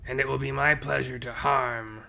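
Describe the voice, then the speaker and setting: A man voicing a menacing male robot head villain in a game story, making grand threats in a raised, louder voice. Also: mid-range voice, fairly even intonation, normal speed, gravelly, slight background noise, full character voice.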